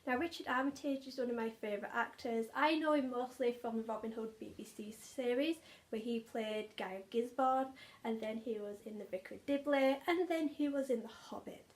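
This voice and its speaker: Young woman, book vlogger, eager casual talk, slightly high-pitched, repeats words for emphasis. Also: normal speed. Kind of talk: casual chat.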